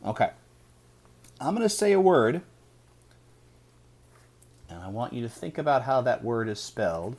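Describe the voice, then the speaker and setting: A man teaching a phonics lesson, sounding out each word slowly and deliberately. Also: mid-range voice, sing-song, darkish tone. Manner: slow, deliberate sounding out of words.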